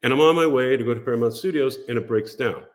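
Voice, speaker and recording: Talking at a quick pace in a mid-range voice, this older American man tells a story as a guest on a podcast. He's casual and animated, imitating the voices of those he quotes.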